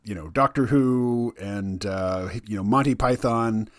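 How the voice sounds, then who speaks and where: A man's voice: on the low side, measured pace, dry recording. A man hosting a podcast interview, chatting casually with lots of "you know" fillers. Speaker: podcast host.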